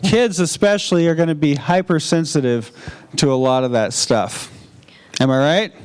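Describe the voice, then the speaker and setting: A man's voice: a little high, normal speed, smooth. A man leading a teaching workshop, chatty and jokey, drawing answers out of the audience in a large room. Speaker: workshop presenter.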